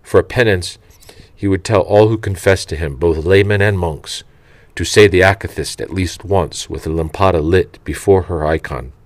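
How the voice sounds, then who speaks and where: Male reader, very deep and dry, slow and reverent, for devotional audiobook narration. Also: dry recording. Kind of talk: reading a saint's life aloud.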